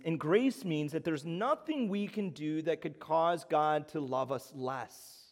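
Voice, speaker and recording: Man preaching a sermon, gets loud then goes quiet and slow, big church hall echo. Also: a little high, expressive. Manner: rises loud for emphasis, drops soft and slow for appeals. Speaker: pastor.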